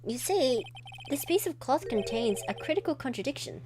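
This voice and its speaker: A woman's voice: sits high, expressive, normal speed, noisy background. A woman voicing an earnest young male defense lawyer in a firm, determined way, close to her own voice.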